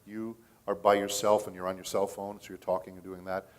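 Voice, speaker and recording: A middle-aged man talks through a voice acting convention panel in a loose, storytelling manner. His voice sits a little low. He keeps pausing to ask the crowd "okay?" while he explains how the work is done. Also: level tone, a little mellow. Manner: storytelling, chatty, checks in with the audience with "okay?". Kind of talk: casual panel talk.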